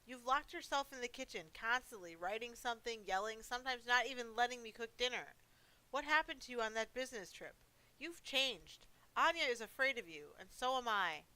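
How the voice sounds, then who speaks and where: A frightened but angry wife in a horror game scolds her husband with exasperation, as a woman reads her lines. The voice is bright and clear. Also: a little high, expressive, a little fast, rough recording. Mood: scolding.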